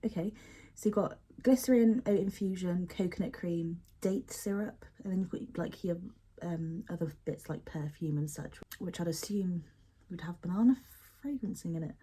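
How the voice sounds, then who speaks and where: Girl doing a chatty unboxing vlog, kinda husky low-ish voice, laughs at herself a lot. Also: moderate pace. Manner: chatty, expressive, self-deprecating, sniffs and describes products. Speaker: beauty product unboxing vlogger. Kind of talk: casual unboxing chat.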